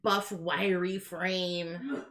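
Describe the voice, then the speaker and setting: A woman hosting a casual group chat, reacting with animated surprise and laughter. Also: fairly low pitch, drawn-out words, a little hiss or hum.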